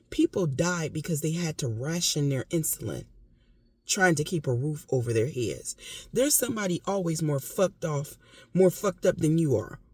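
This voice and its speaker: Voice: mid-range voice, dark tone, breathy edge, no room sound. A vlogger giving impassioned casual commentary, emphatic and repetitive, with occasional coughing. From United States.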